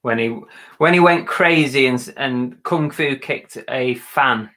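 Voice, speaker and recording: Bright-voiced jokey man. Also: mid-range voice. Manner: jokey, halting, restarts with ums. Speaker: co-host of a reselling live show. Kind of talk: casual live-stream chat.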